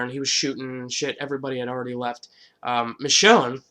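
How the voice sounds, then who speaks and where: A man's voice: medium pitch, level tone, fast talker, fairly bright tone. Rambling, profane man recapping a show. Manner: rambling, profane, lots of fillers. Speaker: vlogger. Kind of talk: casual TV episode recap.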